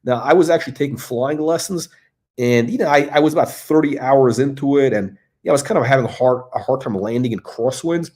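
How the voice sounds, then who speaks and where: A man hosting a live stream talks casually at an ordinary middle pitch. He rambles with frequent fillers, repeated words and restarts. His voice comes through a computer mic. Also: brisk, darkish tone. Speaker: host. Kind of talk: casual livestream chat.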